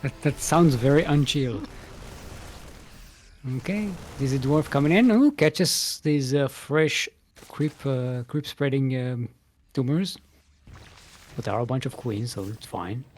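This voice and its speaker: A man's voice: mid-range voice, unhurried, slight background noise. A man commentating a live strategy game match in a casual, playful way, often laughing and joking between play calls. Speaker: esports caster.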